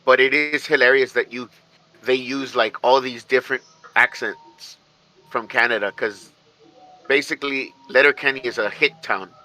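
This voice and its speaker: A man chatting casually as a show's co-host, his voice strikingly bright. He rambles and stops to restart his thoughts often, in a loose, unhurried way. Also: medium pitch, fairly even intonation, rough recording. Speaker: podcast co-host. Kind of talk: casual chat.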